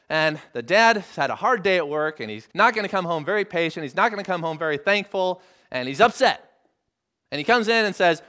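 Earnest preacher with a lively, swinging voice. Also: male voice, on the high side. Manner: earnest, addresses listeners with rhetorical questions; emphatic repetition of phrases. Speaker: pastor. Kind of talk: sermon.

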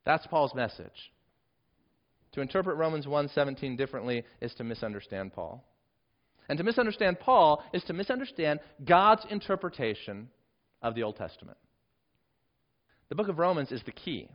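A man preaching a sermon and teaching from scripture, with emphatic rises and drops in pitch and volume. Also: very animated, normal speed, pauses often, highs cut off. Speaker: pastor.

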